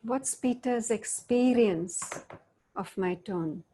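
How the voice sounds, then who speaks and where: A middle-aged woman guides a group through an online talk. Her voice sits fairly high and she speaks slowly. She keeps asking her listeners questions and acts out tones of voice to show her point. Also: mellow, slight background noise. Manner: questions the audience often, demonstrates tones of voice. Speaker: workshop facilitator.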